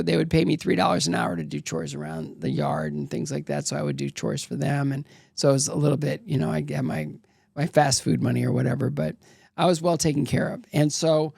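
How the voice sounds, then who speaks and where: A man's voice: fairly high pitch, creaky, dry recording, studio quality. A middle-aged man, a former athlete, telling candid, rambling stories as an interview guest and acting out the voices of people he quotes. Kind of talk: casual storytelling interview.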